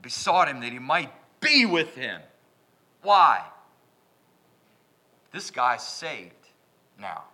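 A man preaching a sermon in a church, swinging from loud, emphatic bursts down to hushed whispers. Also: mid-range voice, big pitch swings, drawn-out words, long pauses.

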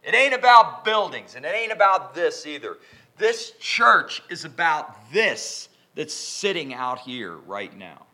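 Bright-voiced man preaching with dramatic swings. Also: on the high side, sing-song, slow. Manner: dramatic swings from loud emphasis to whispers. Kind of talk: sermon. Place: church.

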